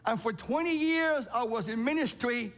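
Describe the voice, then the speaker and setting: A man from Cuba preaching a sermon, playful and animated, calling out to people in the audience. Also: very high voice, normal speed, big-room sound. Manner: playful, animated, calls out to the crowd. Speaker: pastor. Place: large church auditorium.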